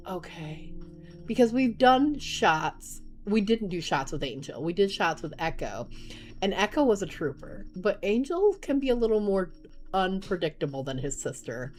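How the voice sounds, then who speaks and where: Chatty young mom, laughing through stories. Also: female voice, mid-range voice, a little hiss or hum. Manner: chatty, laughs often, animated retelling. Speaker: mother of young kids. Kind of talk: casual storytime vlog.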